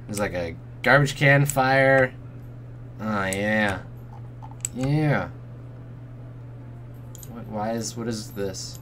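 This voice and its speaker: A man's voice: lowish voice, extremely slow, pauses often, fairly bright tone, slight background noise. A man streaming a role-playing game, casually commenting in a jokey way, swearing and often muttering under his breath. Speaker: let's play streamer.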